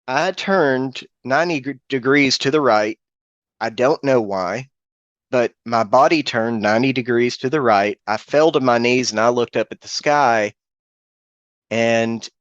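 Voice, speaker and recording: A middle-aged man giving an earnest, halting personal account as a guest on a video call, often restarting and repeating his words. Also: medium pitch, fairly bright tone, dry recording, muffled recording. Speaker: guest witness.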